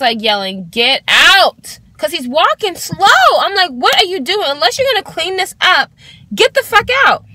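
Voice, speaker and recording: A woman in her twenties telling an exasperated storytime rant to her vlog, swearing freely and talking in an animated way. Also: high voice, dry recording. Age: 20s. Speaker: vlogger.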